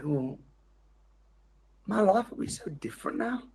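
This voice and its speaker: A man, giving a motivational seminar talk as a training speaker, telling stories with sudden loud jumps and quiet drops. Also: a little high, animated, normal speed, long pauses.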